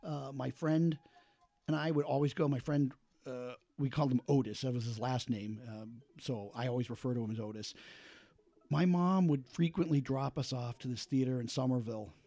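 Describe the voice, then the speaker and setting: A man, a podcast host, telling a casual and lively story about watching a film, acting out quotes with lots of fillers. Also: mid-range voice, normal speed, no echo. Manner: animated, acts out quotes, many fillers.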